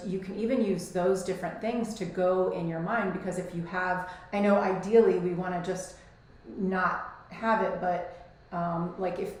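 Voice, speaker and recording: A woman's voice: fairly low pitch, a little mellow. A woman co-hosting a podcast, chatting casually and filling her talk with "like" and "you know". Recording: very echoey room.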